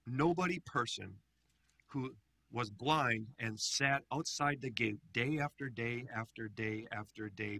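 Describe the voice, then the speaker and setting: A man, a pastor leading a Bible study, teaching in a lively, animated way and often putting questions to his group. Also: mid-range voice, creaky, breathy edge, no echo.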